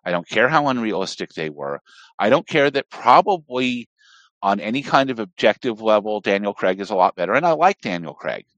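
Recorded muffled with no echo, a man from Southern Appalachia in the US speaks fairly quickly in a lowish voice during a relaxed podcast chat. His talk is animated and digressive, drifting off on tangents.

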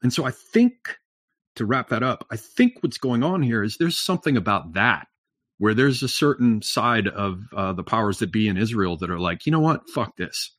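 Low-voiced rambling male podcast guest. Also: expressive, normal speed, a bit bright, no echo, clean studio sound. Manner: rambling, frequent fillers and restarts, profane. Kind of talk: long-winded conversational monologue.

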